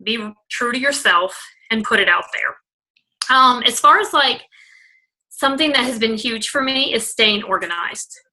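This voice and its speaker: A young woman leader giving a casual, bubbly training talk, full of "like" and fillers, loud and outgoing. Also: fairly high pitch, lively intonation, unhurried, rough recording. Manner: self-described loud and out there. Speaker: network marketing team leader.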